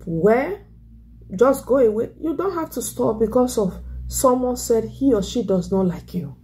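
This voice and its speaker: Woman evangelist preaching, high and mellow. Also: a little slow, slight background noise. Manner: animated preaching, mimics critics in a raised voice. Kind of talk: sermon.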